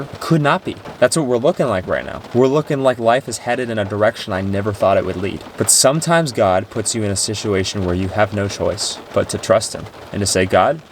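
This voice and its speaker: A man with a lowish voice speaks earnestly and emotionally about trusting God, in a personal vlog. He sounds tearful and raw and rambles with restarts. Soft rain and faint noise sit behind him. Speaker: Christian vlogger. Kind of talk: personal faith talk to camera.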